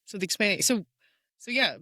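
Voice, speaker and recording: Midwestern woman co-host, animated lilting voice, dry recording. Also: mid-range voice, a little fast, dry recording. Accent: Midwestern American. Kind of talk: casual chat.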